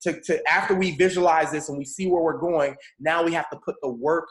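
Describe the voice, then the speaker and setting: A man leading a morning mentorship call as a motivational coach, fervent and repetitive, swinging between rising excitement and soft, low reflection. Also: brisk. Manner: drops to a soft, low hush for reflective moments. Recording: echoey room.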